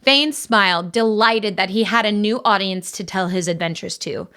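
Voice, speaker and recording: A woman narrates a fantasy audiobook in a calm, even storytelling voice. Her pitch sits in the middle of the range. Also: normal speed, smooth. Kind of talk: scripted narration.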